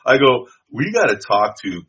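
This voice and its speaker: Husky, animated guy in casual chat. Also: medium pitch, moderate pace, lo-fi sound. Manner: laid-back, says "dude" and "bro" a lot. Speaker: podcast co-host.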